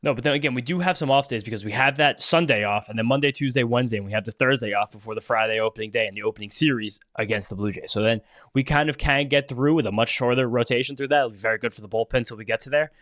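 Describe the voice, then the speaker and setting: A man co-hosting a podcast in casual chat, rattling along at a quick clip. He rambles through long thoughts and swears casually. The sound is close and dry, with no room behind it. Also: medium pitch, a bit bright, no echo. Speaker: podcast co-host.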